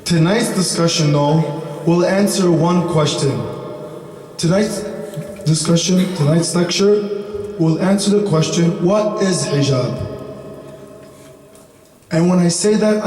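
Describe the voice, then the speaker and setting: A man with a hoarse, partly lost voice giving a measured religious lecture, repeating his points for emphasis. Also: on the high side, darkish tone. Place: large mosque or community hall. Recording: distant mic in echoey hall.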